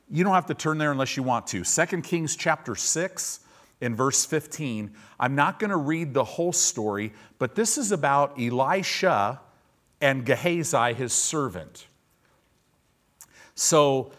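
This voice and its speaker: Male pastor, sermon delivery; slow, deliberate pace, very expressive pitch, humorous asides. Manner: animated preaching with humorous asides; reads scripture aloud and explains it.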